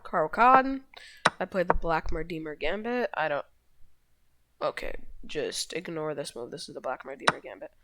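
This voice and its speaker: Lively low-voiced woman explaining chess. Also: moderate pace, background noise. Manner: rambling, self-correcting, shrugs things off. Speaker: chess video host. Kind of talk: casual chess game walkthrough.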